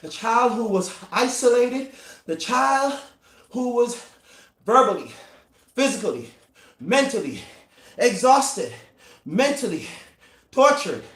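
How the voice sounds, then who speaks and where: A man coaching in a live-streamed motivational talk, emphatic and repetitive, with dramatic pauses, riding an exercise bike. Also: very high voice, very animated, a bit bright. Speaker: performance coach. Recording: roomy echo.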